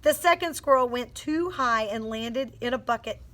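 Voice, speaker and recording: A woman's voice: fairly high pitch, normal speed. A woman teacher reading a picture book aloud to young children and coaching them through sounding out words. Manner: expressive storytelling with phonics coaching.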